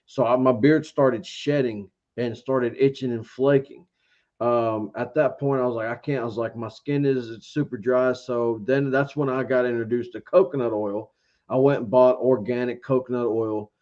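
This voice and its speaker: A man's voice: medium pitch, fairly even intonation, normal speed, a little mellow. A man from Georgia, chatting as an interview guest and rambling through a story while acting out his own past thoughts. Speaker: interview guest, beard reviewer. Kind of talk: casual interview chat. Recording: dull lo-fi sound.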